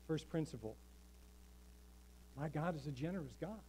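A man's voice: on the high side, lively intonation, normal speed, long pauses, mellow, husky, low-quality recording. Emphatic preaching pastor, man. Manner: emphatic preaching, calls for congregation response. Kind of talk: sermon. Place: church sanctuary.

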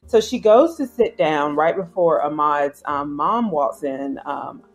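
A woman, telling an animated story as an interview guest and acting out other people's voices. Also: sits low, unhurried. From South Carolina, US. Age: 30s. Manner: acts out quoted voices, slangy and emphatic. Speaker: guest filmmaker. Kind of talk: animated storytelling in casual chat.

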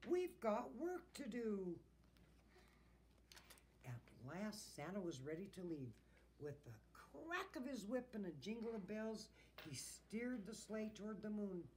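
A woman's voice: medium pitch, a little slow, a little hiss or hum. A woman, a teacher, reading a picture book aloud to children and asking them questions. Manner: expressive, asks the listeners questions.

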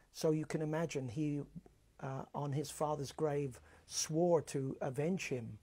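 Middle-aged guy walking through an opera, slow and hesitant, lots of ums. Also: mid-range voice, a little mellow, husky. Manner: thoughtful, with frequent hesitations and restarts. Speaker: music director and host. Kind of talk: explaining an opera to listeners.

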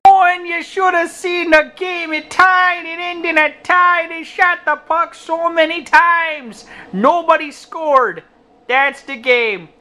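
A man putting on an excitable sports announcer voice with a put-on accent, calling a video game match. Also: very high-pitched, slow, voice pushed up, full character voice. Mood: hyped. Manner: shouting play-by-play in a put-on accent.

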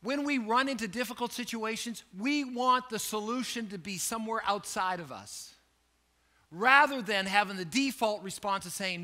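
A man preaching a sermon as lead pastor, telling a story with animated, self-joking delivery. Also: sits high, normal speed.

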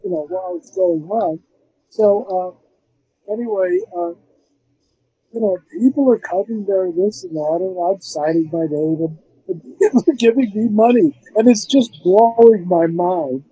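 An older man, a film composer, telling rambling, animated stories in a casual interview, with many restarts and fillers. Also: high voice, unhurried, breathy edge, dry recording, lo-fi sound.

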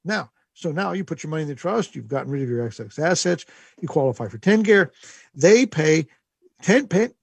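A man's voice: fairly high pitch, expressive, brisk, creaky, husky, no room sound. A man, hosting a radio show as an estate planning lawyer, explaining things in a folksy, conversational way full of fillers and restarts.

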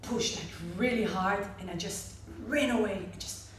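Israeli woman telling a story in an echoey hall. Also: mid-range voice. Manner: animated storyteller, laughs often, halting restarts. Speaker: medical clown. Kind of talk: personal story told to a panel audience. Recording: echoey hall, distant mic, audience noise.

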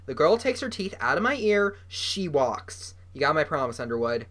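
A reader doing a gruff big bully boy. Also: mid-range voice, big pitch swings, moderate pace, fairly bright tone. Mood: bargaining.

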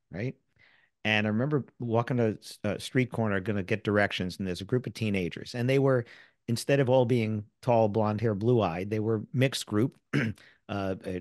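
An American man, middle-aged, speaking as an interview guest and sales author, telling lively stories and acting out the people he quotes. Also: lowish voice, no room sound, studio quality. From United States. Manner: animated storyteller who acts out quoted people. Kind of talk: casual interview storytelling.

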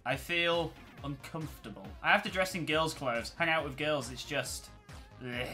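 A man's voice: fairly high pitch, normal speed, bright, forceful tone, faint music behind. A man voicing a teenage boyfriend who gives blunt, scolding advice, in a read-aloud cartoon story.

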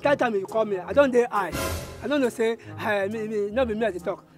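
A man's voice: high voice, fast talker, over music, lightly acted. A man acting an offhand advisor heard over a phone on speaker, speaking Nigerian Pidgin English casually. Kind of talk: comedy skit acting.

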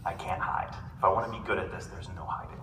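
A man speaking as a guest at a convention panel, animated and self-deprecating and laughing often, recorded from the audience on a phone. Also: sits low, fast talker. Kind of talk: casual convention panel talk. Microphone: phone in the audience, far off. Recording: echoey room, far-off phone audio, noise.

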